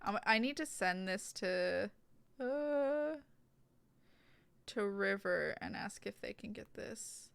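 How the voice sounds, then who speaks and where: A woman's voice: mid-range voice, takes it slowly, creaky, clean tone, no room sound. A woman streamer chatting casually and reading along while she plays a story game. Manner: animated, reads game lines aloud and reacts. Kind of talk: casual gameplay commentary.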